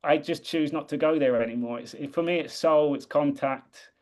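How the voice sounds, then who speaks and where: A man's voice: on the high side, moderate pace, darkish tone. A man from the UK talking earnestly and reflectively in a casual conversation, often restarting his sentences. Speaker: guest.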